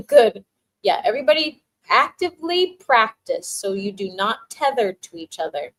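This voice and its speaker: A young adult woman hosting a casual spiritual livestream, reading out viewer comments and giving tarot readings with frequent laughter and warm affirmations. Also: a little high, sing-song, moderate pace, poor audio. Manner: bubbly, laughs often, emotional and affirming.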